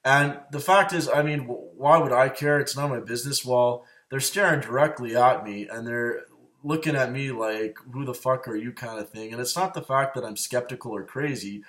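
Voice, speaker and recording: A man's voice: mid-range voice, moderate pace, fairly bright tone. A man ranting in a rambling, agitated way, swearing constantly and repeating himself as he tells of grudges. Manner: profane, agitated, repetitive. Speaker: show host. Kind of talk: rambling personal rant.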